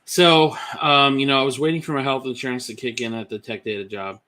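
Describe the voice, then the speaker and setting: A man's voice: medium pitch, steady tone, a little fast, bright, forceful tone. A man telling his own story as a podcast guest, candid and chatty with many fillers. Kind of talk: personal testimony.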